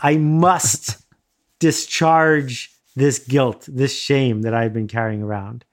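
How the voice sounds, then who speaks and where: A middle-aged man from the United States telling a self-deprecating personal story in a casual, animated way, laughing often. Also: medium pitch, slow pace. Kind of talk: casual anecdote, conversational storytelling.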